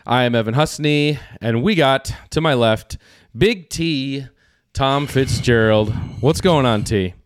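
A man's voice: medium pitch, expressive, measured pace, clear, resonant tone, dry recording, studio quality. A man hosting a film podcast in casual chat, loose and profane, who laughs often and restarts his sentences. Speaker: podcast host.

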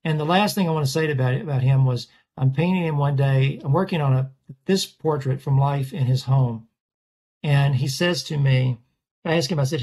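A man's voice: medium pitch, moderate pace, a little mellow. A man, a portrait artist, chatting casually in an interview and rambling through stories with frequent restarts. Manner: rambling, self-correcting storyteller.

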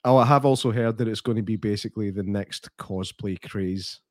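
A man's voice: fairly low pitch, fairly quick, no room sound, studio quality. Blunt joking man. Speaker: co-host of a live stream. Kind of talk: casual chat.

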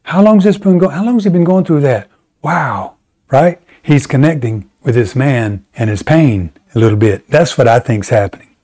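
Guy preaching, chatty but emphatic, jumps up high to make a point. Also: expressive, normal speed, mellow. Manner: conversational, emphatic preaching with sudden pitch rises. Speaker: pastor. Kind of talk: sermon.

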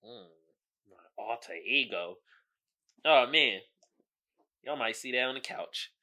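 A man's voice: mid-range voice, animated, slow, sharp tone. A man hosting his own podcast, talking casually and animatedly, with frequent exclamations and laughter. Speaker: podcast host. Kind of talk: casual solo commentary.

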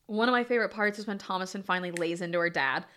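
Laughing, animated woman podcast co-host. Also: medium pitch, rapid-fire. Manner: animated, laughs often, acts out quotes. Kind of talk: casual movie discussion.

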